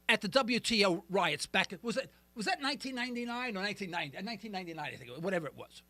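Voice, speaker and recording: A middle-aged talk radio host rants emphatically through a monologue, occasionally making fun of himself. His very high voice is bright and sharp, with wide pitch swings, and he speaks quickly and very animatedly into a studio mic. The sound is close and dry, with no room sound.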